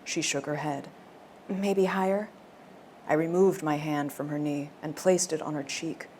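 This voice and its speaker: A woman voicing a male romance audiobook narrator who reads in a confident alpha-hero American accent, low and hushed. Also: steady tone, measured pace, slight background noise, close to an everyday voice. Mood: sultry. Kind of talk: audiobook narration within a novel reading.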